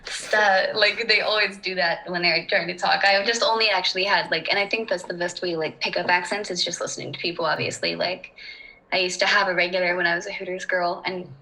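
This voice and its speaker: A woman's voice: lowish voice, steady tone, fast talker, bright, forceful tone, a little hiss or hum, rough recording. A woman chatting casually as a podcast guest, rambling and laughing often. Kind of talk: casual chat.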